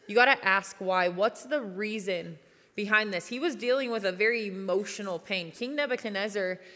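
A woman's voice: medium pitch, moderate pace, pushed and bright. A young woman youth pastor giving an earnest, conversational sermon with personal stories. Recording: long reverb of a large hall.

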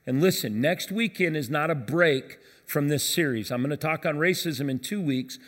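A man in his fifties preaches to his congregation, telling stories in a relaxed, humorous way. His voice sits a little high for a man. It rings out through a church hall with a long reverb. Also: normal speed. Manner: storytelling, conversational with humor. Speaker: pastor. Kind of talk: sermon. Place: church auditorium.

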